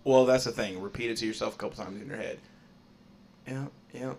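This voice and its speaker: A man's voice: medium pitch, fairly quick, vocal fry, darkish tone, husky. A man co-hosting a podcast in casual banter, rambling, laughing often and making crude jokes. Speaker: podcast co-host.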